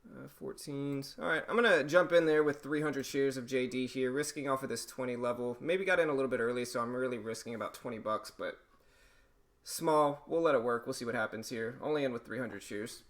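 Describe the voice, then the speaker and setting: A man hosting a live day-trading stream, thinking aloud in a relaxed, halting way, his voice a bit hoarse. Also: medium pitch. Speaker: stream host, day trader.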